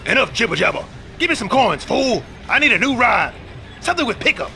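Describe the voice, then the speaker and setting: A gravelly, brash Crunch. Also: male voice, extremely high pitch, sing-song, a little fast, bright, forceful tone, some chatter behind, heavily acted. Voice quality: gravelly, blustering tough-talk. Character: brash tough-guy adult male bandicoot, loud and bossy. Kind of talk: video game cutscene acting.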